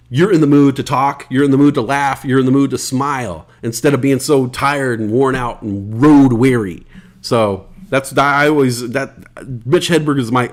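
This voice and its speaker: An American man hosting a casual solo podcast, rambling loosely, swearing freely and reading out listener comments. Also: mid-range voice. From United States. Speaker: podcast host.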